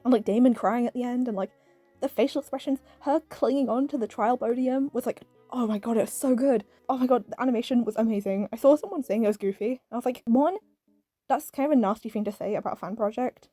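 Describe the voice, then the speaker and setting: Fast-talking British woman, chatty. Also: a little high, warm tone, no echo, soft background music. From Britain. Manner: rambling, peppered with "like" and "um", laughs often. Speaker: video reviewer. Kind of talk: casual chatty review.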